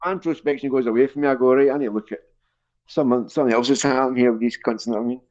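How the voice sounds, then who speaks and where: A man's voice: medium pitch, steady tone, racing, darkish tone, lo-fi sound. A man with a Scottish accent chatting casually, rambling and swearing as he tells jokes. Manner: sweary, rambling joke-teller. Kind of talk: casual street chat.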